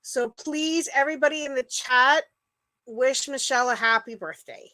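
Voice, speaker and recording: A middle-aged woman with a high-pitched, bright, forceful voice hosts a laid-back livestream at normal speed. She rambles, uses lots of fillers, and greets live viewers by name, all on a dry recording.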